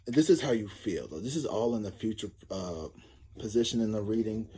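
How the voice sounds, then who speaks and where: A man's voice: lowish voice, lively intonation, brisk, mellow, slight background noise. A man giving a casual tarot reading, rambling and cursing as he jokes through a story. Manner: rambling, profane, joking storyteller. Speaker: tarot reader.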